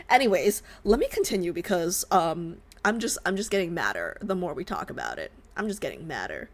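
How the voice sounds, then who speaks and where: Young woman streamer, very lively pitch, exasperated animated rants, desk mic at home. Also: fairly quick, hardly any pauses. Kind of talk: game reaction stream.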